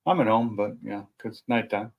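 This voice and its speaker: A man's voice: on the low side, a little fast, gravelly, muffled recording. Male stream host, casual home chat, easygoing and self-deprecating, mid-range voice. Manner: rambling, chatty, self-deprecating. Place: at home at night.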